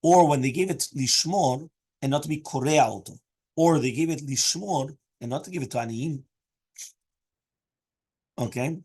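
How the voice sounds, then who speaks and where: A man's voice: on the high side, normal speed, long pauses, a little mellow, husky. A man teaching a daily Talmud class, explaining each Aramaic phrase in English and often checking with "right?" and "okay?". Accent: Hebrew and Aramaic terms mixed into English.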